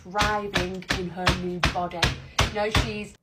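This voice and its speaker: A woman's voice: medium pitch, level tone, unhurried, over loud music. A woman speaking earnestly and with emotion in a social media video played back.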